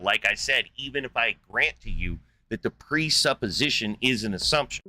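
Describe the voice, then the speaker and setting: A man hosts a live call-in debate with a forceful, sharp-edged voice. He argues combatively and throws out profane insults. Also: medium pitch, dry recording. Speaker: debate show host.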